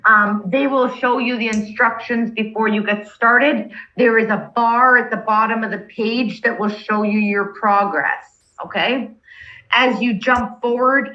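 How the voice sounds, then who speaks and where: The sound is lo-fi, carrying a woman's mid-range voice. She's an instructor guiding a class step by step on a video call, staying patient and asking "okay?" as she goes.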